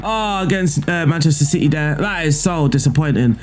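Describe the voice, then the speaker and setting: Man, gameplay commentator, higher-pitched, excitable, faint music bed. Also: a little fast. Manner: excitable, shouts at misses, swears mildly. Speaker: video game streamer. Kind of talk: gameplay commentary and tactics breakdown.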